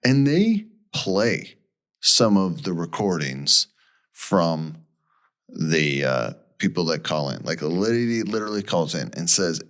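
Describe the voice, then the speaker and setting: A man with a low voice tells a story with lots of swing in his pitch. He rambles casually and acts out the people he quotes, as a podcast co-host would. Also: sing-song, slow, fairly bright tone.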